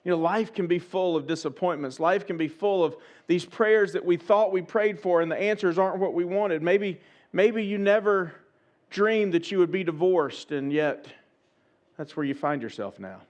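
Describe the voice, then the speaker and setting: High-voiced man preaching a casual sermon. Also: moderate pace, darkish tone, muffled recording. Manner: conversational preaching with rhetorical questions and repeated phrases. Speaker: pastor. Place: church service.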